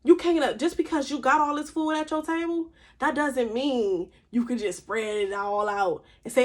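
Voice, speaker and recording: A woman's voice: on the high side, normal speed, hardly any pauses. A woman, talking candidly and emphatically to camera in a casual vlog monologue. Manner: candid, emphatic, conversational with slang. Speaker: vlogger.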